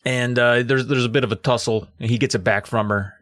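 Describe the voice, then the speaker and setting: A man co-hosting a podcast, recapping a story in a jokey, animated way. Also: mid-range voice, a little fast, dry recording, clean studio sound. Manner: animated, jokey, acts out characters. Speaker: podcast co-host.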